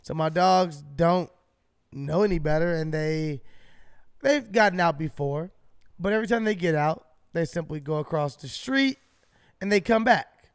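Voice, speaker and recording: A man co-hosting a podcast, telling a story in an animated, casual way and swearing freely. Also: a little high, normal speed, clean tone, dry recording, clean studio sound. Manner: animated, swearing, acts out his own shouts. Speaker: podcast co-host.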